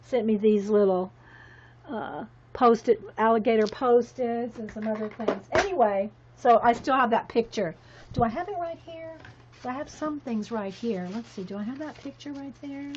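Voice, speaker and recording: A woman's voice: a little high, normal speed, noisy background. A woman chatting casually on her craft vlog as she sorts her supplies, rambling and laughing, talking to her viewers by name. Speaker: craft vlogger. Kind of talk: casual chat while organizing. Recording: dull lo-fi sound.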